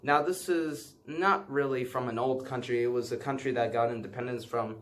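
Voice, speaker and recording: A man's voice: mid-range voice, fairly even intonation, normal speed, a bit bright, slight background noise. Hesitant man rambling through a show-and-tell. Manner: rambling and hesitant, many filler sounds and self-corrections; apologetic about what he does not know. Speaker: vlogger showing his banknote collection.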